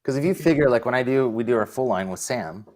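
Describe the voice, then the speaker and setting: A man's voice: medium pitch, quick pace. A man hosting a casual livestream chat about his vending business, telling rambling stories. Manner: relaxed, rambling storytelling.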